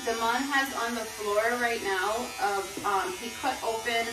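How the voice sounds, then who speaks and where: A woman's voice: fairly high pitch, fairly even intonation, normal speed. A woman co-hosting a casual home vlog, chatting with lots of "um" and "like" fillers. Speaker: brand co-founder and vlog host. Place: home room during lockdown. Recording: echoey room, mic at a distance, background noise.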